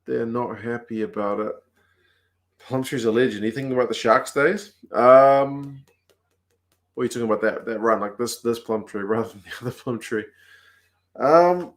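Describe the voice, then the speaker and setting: A New Zealand man hosting a livestream, chatting casually and answering viewer comments aloud in a relaxed, talkative way. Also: mid-range voice, moderate pace. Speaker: livestream host. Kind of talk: casual chat reading comments.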